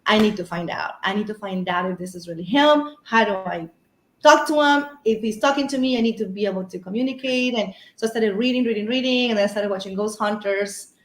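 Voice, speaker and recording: A woman's voice: mid-range voice, brisk, reverberant. A woman guest on a paranormal podcast, telling a personal story in a rambling, casual way full of fillers and restarts.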